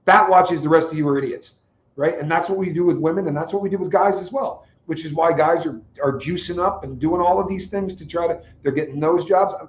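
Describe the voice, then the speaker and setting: A man's voice: fairly high pitch, brisk, few pauses, darkish tone, a little hiss or hum. A man co-hosting a podcast who makes confident, opinionated points and backs them with examples in casual chat. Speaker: podcast co-host. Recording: echoey, dull lo-fi room audio.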